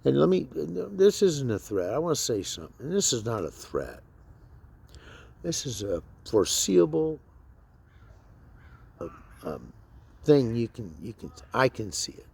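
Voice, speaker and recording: A man's voice: mid-range voice, very animated, normal speed, creaky, darkish tone, husky. A man and military veteran talking bluntly to camera in a rambling, profane monologue full of fillers.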